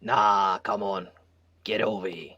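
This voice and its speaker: A man's voice: on the low side, steady tone, slow, sharp tone, lo-fi sound. A man playing a tabletop game, brash and joking. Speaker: player. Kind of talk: casual tabletop play.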